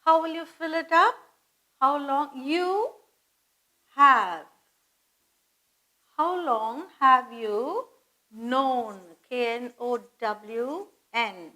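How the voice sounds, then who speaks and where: A woman teaching English grammar, slow and patient, repeating phrases and spelling words out letter by letter. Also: high-pitched, sharp tone, poor audio. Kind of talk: grammar lesson.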